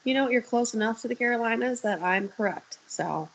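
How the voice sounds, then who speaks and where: A woman's voice: a little high, animated, a little fast, low-quality recording. A young woman talking candidly on a video call, telling stories and swearing freely. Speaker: guest. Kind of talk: casual chat.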